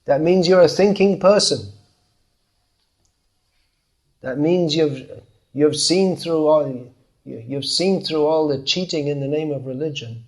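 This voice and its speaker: A man's voice: on the high side, a little slow, long pauses. A man giving a scripture class in a conversational way, often acting out the replies of the people he describes. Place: class in Bangalore.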